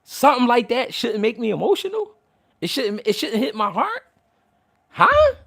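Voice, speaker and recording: A man's voice: extremely high pitch, very animated, moderate pace, creaky, fairly bright tone, breathy edge, no room sound, clean studio sound. A man hosting a livestream, talking heatedly to his chat, stammering and repeating words as he restarts. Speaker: livestream host answering chat. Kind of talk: emotional unscripted livestream talk.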